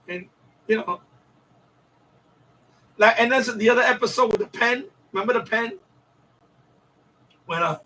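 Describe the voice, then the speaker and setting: High, bright man rambling casually. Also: breathy edge, distant mic, low-quality recording. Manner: rambling, profane storytelling with repeats and restarts. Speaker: livestream host. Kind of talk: casual livestream chat.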